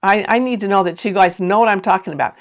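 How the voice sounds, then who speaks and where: A woman's voice: mid-range voice, quick pace. A woman hosting a sewing live stream from home, chatting to viewers, reading out their comments and laughing often as she tells a story. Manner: talks straight to viewers with lots of asides and questions. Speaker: sewing channel host.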